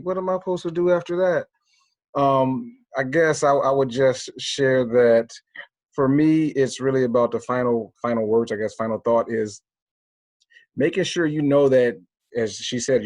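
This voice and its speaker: A man panelist giving casual, animated closing remarks on a video call. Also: medium pitch, no room sound.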